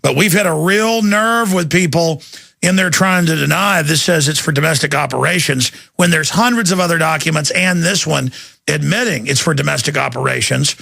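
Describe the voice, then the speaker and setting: A man's voice: a little high, moderate pace, gravelly, bright, forceful tone, dry recording, clean studio sound. A man hosting a talk radio show, ranting in a fired-up, sarcastic way. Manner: fired-up, sarcastic, mimics others. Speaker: radio host.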